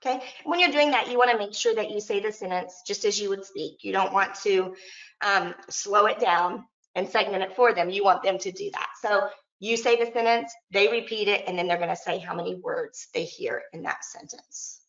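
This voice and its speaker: A woman's voice: mid-range voice, moderate pace, fairly bright tone. A woman teacher presenting a training session, explaining step by step and sounding out words as she demonstrates. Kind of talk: instructional presentation. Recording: echoey, dull lo-fi room sound.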